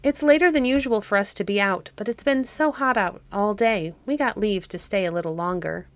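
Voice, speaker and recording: Woman doing excited little kids, higher voice, eager and pleading, dry sound. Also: fairly quick, no echo, lightly acted. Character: eager young children, brother and sister. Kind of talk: storybook reading.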